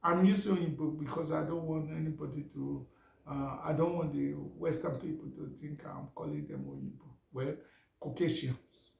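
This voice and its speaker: A man's voice: on the high side, steady tone, normal speed, creaky. A middle-aged Nigerian man, a Yoruba speaker, telling a casual story in a chatty way and often asking "you understand?". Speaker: vlogger. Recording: roomy echo.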